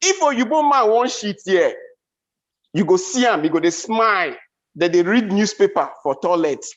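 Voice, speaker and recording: Nigerian Pidgin stand-up man, high voice, lively swoops, dull lo-fi event sound. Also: normal speed. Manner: animated storytelling, big pitch swings. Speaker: comedian. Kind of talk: stand-up comedy.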